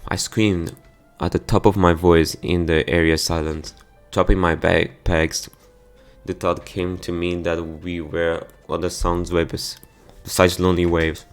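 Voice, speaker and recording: A man's voice: deep voice, little pitch movement, measured pace, faint music behind. A man reading a visual novel aloud for his gameplay channel, stumbling over words now and then. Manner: plain reading with stumbles and sudden outbursts.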